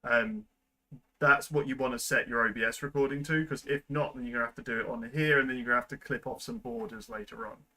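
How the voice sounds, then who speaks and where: A young man at his computer, explaining video editing steps in a relaxed, rambling way full of ums and likes. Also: mid-range voice, fast, rough recording. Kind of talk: casual screen-recorded tutorial. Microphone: desk microphone at a computer.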